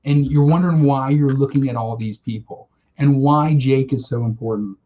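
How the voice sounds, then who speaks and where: Excited man retelling a story, lo-fi. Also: medium pitch, moderate pace. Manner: enthusiastic, emotional storytelling with swearing. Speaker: podcast co-host. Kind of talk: casual chat.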